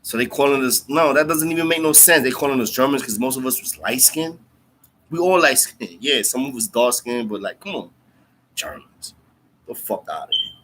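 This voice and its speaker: A man talks straight to his viewers in loose, profane street slang and calls them bro and twin. His voice is bright and edgy, with a middle pitch. He repeats lines to drive his point home. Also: a little fast, slight background noise. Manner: animated, repeats lines for emphasis. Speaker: livestream host talking to viewers. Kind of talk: casual storytelling chat.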